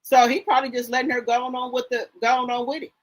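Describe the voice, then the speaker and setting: A woman's voice: fairly high pitch, flat delivery, fast, low-quality recording. A woman hosting a live stream, chatting casually about gossip and greeting viewers by name in a sassy, chatty way. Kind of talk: casual gossip commentary, reading chat aloud.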